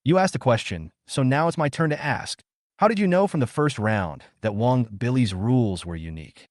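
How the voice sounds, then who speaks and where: A man voicing a calm, smug young man in glasses who lectures in an even, measured way, in a read-aloud comic story. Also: medium pitch, no room sound, clean studio sound, natural voice. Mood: probing.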